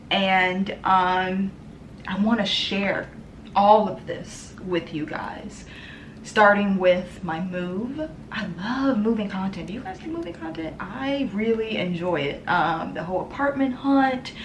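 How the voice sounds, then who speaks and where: Young woman vlogger, sincere and emotional, filler-heavy, echoey room sound. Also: medium pitch. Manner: earnest, many ums, emotional and tearful at times. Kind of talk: casual heartfelt talk to camera. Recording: roomy echo with faint background noise.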